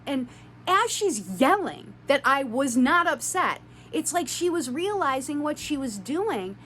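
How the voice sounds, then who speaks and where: A woman vlogger recounts a confrontation in a heartfelt, earnest monologue, her voice sitting a little high. She leans on spiritual self-help phrasing and swears for emphasis. A faint hum sits under the recording. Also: very animated, normal speed, a bit bright. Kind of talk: emotional storytime monologue.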